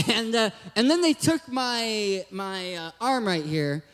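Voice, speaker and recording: Hyper, lisping young man with a high voice. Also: slow, fairly bright tone, clear, resonant tone, in a large hall. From Southern California. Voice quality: lisping, cartoon-like voice. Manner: hyper, joking, upbeat. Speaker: guest speaker. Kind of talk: youth church talk.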